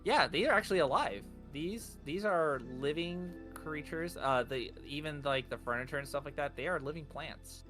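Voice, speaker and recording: Bright, rambling game master describing scenes, faint music behind. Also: mid-range voice, normal speed, hardly any pauses. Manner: rambling, many fillers. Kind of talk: narrating a tabletop game.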